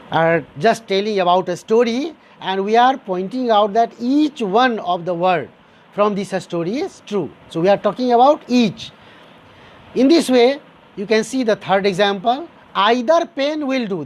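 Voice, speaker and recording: This man's voice sits high with a darkish tone. Addressing his listeners as dear students, he works through a grammar lesson, saying every example sentence again and breaking it down one step at a time.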